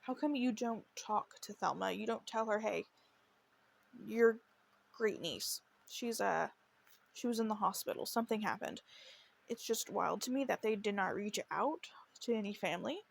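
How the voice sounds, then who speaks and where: A woman's voice: mid-range voice, moderate pace, vocal fry, breathy edge. A woman hosting a true crime podcast, telling the case in an earnest, emotional way and stumbling into restarts as she reads quotes. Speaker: podcast host.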